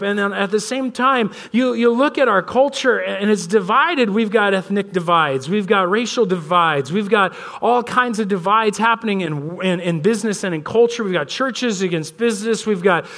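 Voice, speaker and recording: A man's voice: high voice, moderate pace, hardly any pauses. A pastor in his thirties giving a sermon in a church, telling stories about his kids in a loose, conversational way. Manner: conversational storytelling, animated voices for his kids. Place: church sanctuary.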